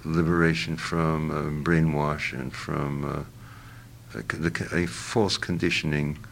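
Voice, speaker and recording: Older male interviewee, rumbling deep gravelly voice, halting and searching for words, faint hiss behind. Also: steady tone, fairly bright tone. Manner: halting, searching for words, many fillers and restarts. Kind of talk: reflective interview answer.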